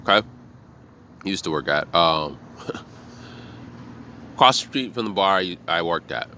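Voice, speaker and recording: Bartender guy ranting about gut feelings, swears a lot, bright edgy voice, little bit of background hum. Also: low voice, slow pace. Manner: blunt, profane, animated storytelling. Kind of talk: casual motivational monologue.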